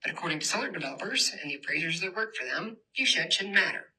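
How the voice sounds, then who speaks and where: A woman's voice: on the low side, expressive, a little fast, sharp tone, breathy edge. A woman giving an impassioned public presentation in a university hall, addressing the audience directly. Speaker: community organizer giving a talk.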